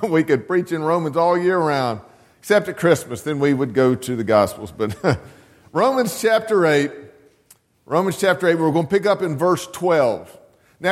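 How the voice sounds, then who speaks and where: Male pastor, slightly high voice, easygoing sermon delivery, long church reverb. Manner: conversational, chuckling, asks the congregation questions. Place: church sanctuary.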